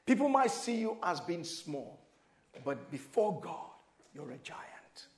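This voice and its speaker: A man with a high voice delivers a sermon, dropping into quiet, intimate asides before bursting into shouted prayers. He acts out the scripture with dramatic voices. The sound rings with the echo of a church hall. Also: very animated, slow. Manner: preaching with sudden shouted prayers and dramatic voicing of quotes; switches between loud exclamations and quiet, intimate asides. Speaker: pastor.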